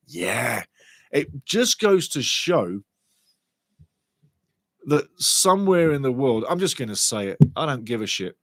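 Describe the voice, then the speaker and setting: A man hosting a live football watchalong, chatting excitedly, reading out viewers' comments and swearing casually. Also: mid-range voice, normal speed, no room sound. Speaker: watchalong host.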